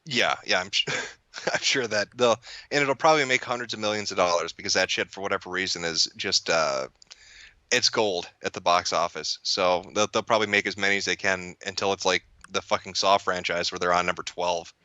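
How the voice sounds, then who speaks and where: A man's voice: sits low, brisk, sharp tone, no echo. A man chatting casually as a guest, rambling and profane, stumbling through restarts and often laughing mid-sentence. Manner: amused, laughs while talking. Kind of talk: casual chat.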